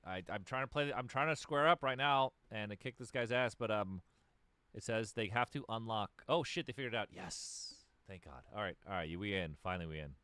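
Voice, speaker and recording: A man's voice: lowish voice, fairly quick, bright, forceful tone, clear, resonant tone, no room sound. A man co-hosting a podcast in casual chat while playing a video game, stammering and swearing in a laid-back way. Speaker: podcast co-host.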